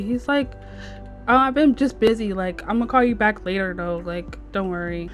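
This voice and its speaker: A young woman streamer casually narrates her gameplay in a let's-play, voicing her sims in a slangy, chatty way with "she's like" quotes. Her voice is medium-pitched at normal speed, with soft background music.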